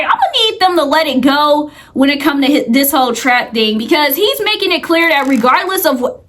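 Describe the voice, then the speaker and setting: A woman's voice: sits high, fairly bright tone. A woman casually recapping a reality show, rambling and chatty with lots of filler words.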